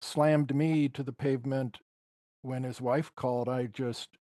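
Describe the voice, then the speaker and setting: A man's voice: medium pitch, fairly even intonation, measured pace, dark tone, no room sound. Reflective man guest, dry close sound. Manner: reflective, emotional storytelling. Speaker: guest musician. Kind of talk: storytelling interview.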